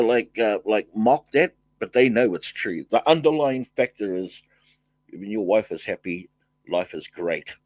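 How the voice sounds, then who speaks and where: An older man hosting a casual livestream, thanking viewers and reading their comments, talking in halting bursts with many fillers and restarts. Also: on the low side, no echo. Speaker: livestream host.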